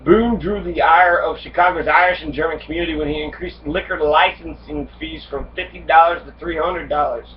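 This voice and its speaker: A man's voice: on the high side, brisk, few pauses. A man giving a casual history lecture, reading passages and then riffing on them with heavy profanity. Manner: acts out immigrants' complaints in angry voice. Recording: dull distant lo-fi recording with faint noise.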